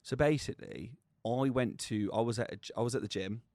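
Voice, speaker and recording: This young podcast co-host swaps stories in loose, casual conversation, swearing constantly and telling them with plenty of animation. His pitch is medium and he talks fairly quickly, with no echo on the sound.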